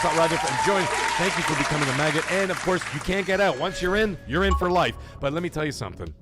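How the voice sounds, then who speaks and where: A man in his thirties hosting a live gaming stream, chatting and reading viewer super chats, breaking into loud excited shouts. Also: fairly high pitch, fast talker, hardly any pauses, loud music behind the voice, over a noisy crowd. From Canada. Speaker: host of a gaming livestream.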